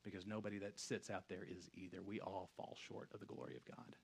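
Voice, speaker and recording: A man in his thirties, a pastor giving a casual, conversational sermon that swings from hushed reflection to loud storytelling. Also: sits low, level tone, quick pace, gravelly, a little hiss or hum.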